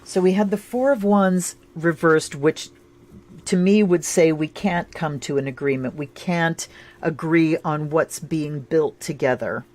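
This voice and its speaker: Woman, tarot and astrology reader, casual and chatty, excitable bursts. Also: low-pitched, unhurried. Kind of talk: casual livestream tarot reading.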